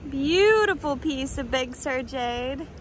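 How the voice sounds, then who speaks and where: Very high-voiced gushing woman vlogger. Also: lively intonation, slow, background noise. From United States. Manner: gushing, talks to viewers as "you guys". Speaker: vlogger and rockhound. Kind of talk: casual vlog talk to viewers. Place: rocky ocean beach outdoors.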